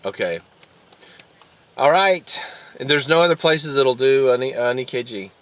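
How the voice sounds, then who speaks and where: A man's voice: medium pitch, animated, unhurried, a bit bright. A man with a Southern US accent, rambling through a casual vlog story and a phone call, often restarting and repeating words. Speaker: vlogger.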